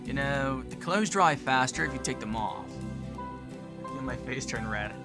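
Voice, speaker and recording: A man's voice: mid-range voice, lively intonation, a little slow, over music. A man voicing a laid-back young male surfer-bro swimmer who talks in an easygoing, teasing way. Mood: breezy teasing.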